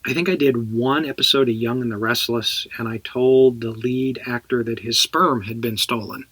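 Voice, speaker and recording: A man's voice: mid-range voice, fairly even intonation, moderate pace, fairly bright tone, slightly rough, no room sound. A middle-aged man from Texas, an actor guest telling casual stories in an interview and laughing as he goes. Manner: chatty, laughs through his stories.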